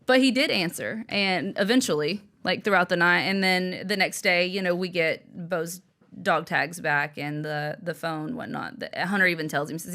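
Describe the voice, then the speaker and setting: A woman's voice: mid-range voice, normal speed. A young adult woman recounting a story as an interview guest. She tells it with animation, voicing the people in it and laughing along the way. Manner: animated storyteller, acting out quotes with a lively laugh. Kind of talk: storytelling in conversation.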